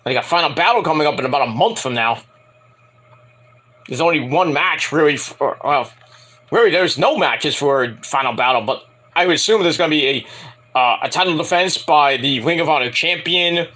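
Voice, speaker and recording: A young man casually rambling through a wrestling show review, breaking into shouted impressions of the wrestlers. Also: on the high side, normal speed. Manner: rambling, animated, mimics wrestlers in shouted bursts.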